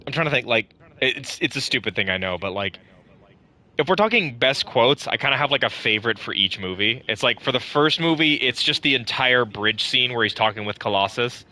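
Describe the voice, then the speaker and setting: A man chats and jokes as he plays a co-op game with his friends, cursing casually along the way. His voice is bright and sharp and swings widely in pitch as he talks. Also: brisk. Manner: joking, animated, swears casually. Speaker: gamer playing co-op with friends. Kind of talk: casual gaming chat.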